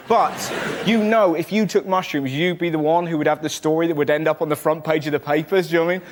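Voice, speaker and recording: English man, stand-up comic, high voice, animated, shouted punchlines, noisy studio. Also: fast. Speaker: stand-up comedian panelist. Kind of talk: stand-up comedy routine.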